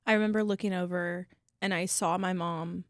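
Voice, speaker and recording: A woman's voice: on the low side, fairly even intonation, moderate pace, no room sound, studio quality. A young woman co-hosting a faith podcast, telling of a frightening birth in an earnest, emotional way, often trailing off. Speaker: podcast co-host. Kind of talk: casual testimony chat.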